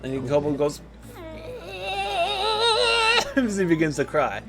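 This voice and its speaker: A man narrating as dungeon master in a tabletop game, lively with many fillers. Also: a little high, quick pace, over loud music.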